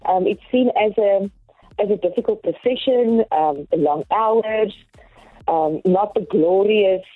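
A woman, a nursing lecturer, speaking in a measured, thoughtful way with frequent pauses as a phone-in guest on a morning radio show. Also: medium pitch, husky, no room sound, soft background music. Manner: measured, thoughtful, many ums. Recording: tinny phone line.

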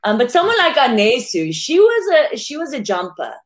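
A chatty woman from South Africa talks casually as a podcast guest over a video call. Her voice sits fairly high and swings widely in pitch. She laughs easily and often stumbles into restarts. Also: wildly swooping pitch, a little fast. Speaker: guest, former contestant.

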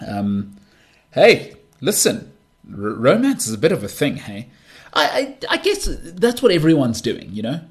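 A man hosting his own podcast in a casual solo monologue, rambling and opinionated, often restarting words with a stammer and slipping into sarcastic teasing. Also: mid-range voice. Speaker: podcast host.

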